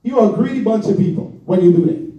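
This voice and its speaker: A man's voice: high voice, mellow. A man preaching a sermon as pastor, speaking straight to his congregation and drawing out his words for emphasis. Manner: preaching with drawn-out emphasis and direct address. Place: church hall. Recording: echoey hall from far off.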